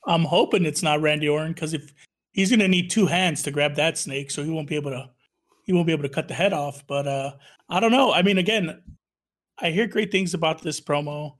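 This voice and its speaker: A man's voice: on the high side, brisk. A man co-hosting a casual wrestling podcast, blunt and joking, with some swearing. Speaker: podcast co-host.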